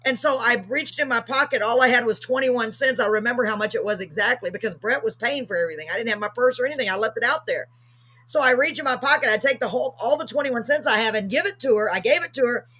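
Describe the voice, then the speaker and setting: A woman's voice: fairly high pitch, quick pace, bright, forceful tone, breathy edge. A middle-aged woman, telling a story on a live talk show with emphatic, acted-out quotes. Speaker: host.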